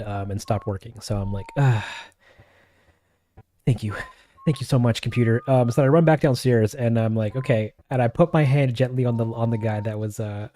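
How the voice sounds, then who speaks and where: A man's voice: mid-range voice, mellow. A man on his own livestream, telling a rambling story in a casual way, full of restarts and acted-out quotes.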